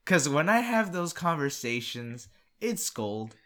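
A man co-hosting a casual podcast with a bright voice that swings up and down in pitch. He keeps teasing his partner and cutting in to finish the other man's sentences. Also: big pitch swings, slow. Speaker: podcast co-host. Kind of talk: casual chat.

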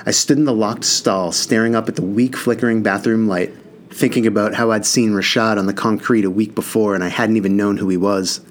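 A man's voice: lowish voice, steady tone, a little fast, a little hiss or hum. A man reading a first-person novel aloud in an earnest, casual voice with mild swearing. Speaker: audiobook narrator.

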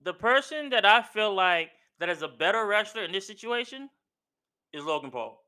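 A man's voice: high-pitched, animated, moderate pace, sharp tone, smooth. A man hosting a podcast who rants in an emphatic, slangy way, repeating himself and calling the listener "bro". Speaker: podcast host. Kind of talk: casual wrestling opinion rant.

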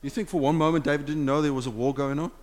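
A man preaching a sermon as a pastor, impassioned, swinging between loud urging and hushed, intimate talk in a church sanctuary. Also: fairly high pitch, steady tone, rapid-fire. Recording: long hall reverb with faint music.

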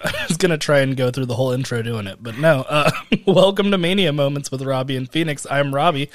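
A man co-hosting a casual podcast, joking and laughing often and thinking out loud as he goes. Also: mid-range voice, brisk, few pauses. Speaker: podcast co-host.

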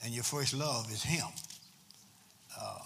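A man's voice: medium pitch, wildly swooping pitch, slow pace, gravelly, sharp tone, a little hiss or hum. A man a sermon as pastor, repeating phrases for emphasis and drawing call-and-response from the congregation.

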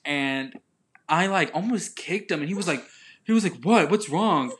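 A young man from the southern United States, chatting casually as a podcast co-host and telling an animated, rambling story with laughs. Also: fairly high pitch, normal speed.

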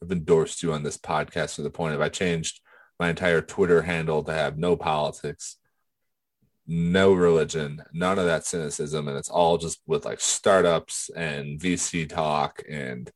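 A man's voice: a bass voice, fairly even intonation, unhurried, dry recording. A man co-hosting a podcast, chatting casually and rambling with many restarts. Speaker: podcast co-host.

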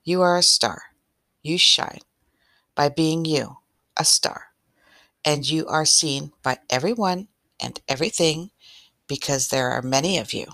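A woman's voice: sits low, measured pace, long pauses, pushed and bright, no room sound, studio quality, full character voice. A woman voicing a curious, inquisitive voice in a read-aloud story that keeps asking questions.

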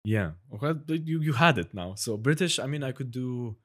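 A man's voice: mid-range voice, animated, normal speed, fairly bright tone. A young man chatting casually, rambling with many fillers and restarts. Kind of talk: casual chat.

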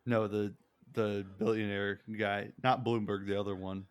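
A man's voice: on the low side, flat delivery, a little slow, clean tone, no echo. A man chatting casually on a podcast, rambling and laughing often, swearing freely. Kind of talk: casual chat.

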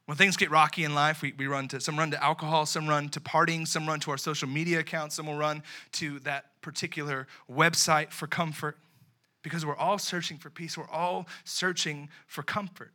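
A young man delivers a sermon in an easygoing, chatty way, sprinkling in slang and playing out little scenes. His voice sits a bit high and rings bright and forceful. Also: moderate pace. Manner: animated, conversational preaching with slang and acted-out asides. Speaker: youth pastor.

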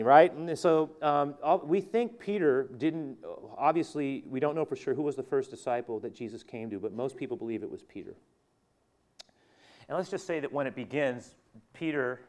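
A male preacher giving a conversational sermon, telling the story with animation, chuckling and speaking straight to his listeners. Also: fairly high pitch.

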